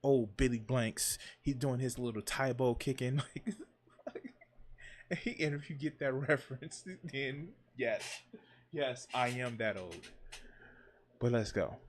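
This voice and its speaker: A man in a reaction commentary, talking in an animated, sarcastic way and mocking the people in the clips. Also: medium pitch, slow pace, a little hiss or hum. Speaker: commentary streamer.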